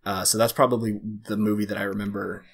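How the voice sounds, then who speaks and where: A man in his twenties from the United States, an easygoing podcast guest talking filmmaking with measured pauses. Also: fairly low pitch, level tone, vocal fry. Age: 20s. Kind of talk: casual interview chat.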